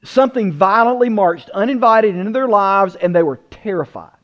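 A man preaching a sermon, emphatic, asking rhetorical questions and slowing down to stress words. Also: high voice, lo-fi sound. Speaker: pastor.

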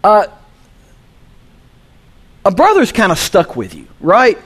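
A man preaches with a lively, high-pitched voice. He drops into quiet, low asides, then climbs to loud, emphatic peaks. His delivery is that of a pastor addressing his congregation. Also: slow, husky. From Southern US. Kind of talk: sermon.

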